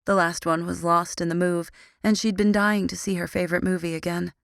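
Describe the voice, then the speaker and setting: Audiobook narrator, woman, low and gravelly, wry deadpan read, dry studio sound. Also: fairly quick, dry recording. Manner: dry, sardonic, grumbling. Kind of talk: first-person audiobook narration.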